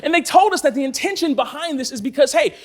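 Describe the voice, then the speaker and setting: A man's voice: extremely high pitch, expressive, fast talker. A man giving a sermon as a church team speaker, telling stories with energy, laughing and raising his voice at the peaks.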